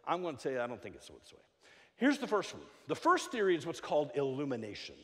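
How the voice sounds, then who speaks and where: A middle-aged man preaching from the pulpit, his voice leaping up and down in pitch as he jokes and trips over restarts. His voice sits a bit high for a man. A long reverb hangs after each phrase in the church sanctuary. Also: fast. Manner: animated, jokey preaching with frequent stammered restarts. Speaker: pastor. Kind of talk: sermon.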